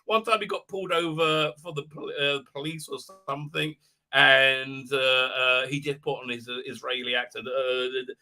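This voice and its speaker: A man's voice: medium pitch, steady tone, normal speed, bright, forceful tone. A middle-aged man hosting a livestream in casual, rambling chat, reading out viewer comments with many restarts. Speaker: livestream host.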